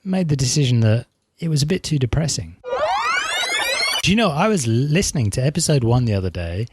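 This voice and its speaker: A man's voice: mid-range voice, sing-song, a little fast, very noisy. A man from England whose English accent has worn toward Australian, co-hosting a podcast in casual, rambling, self-mocking chat over an online call. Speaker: podcast co-host.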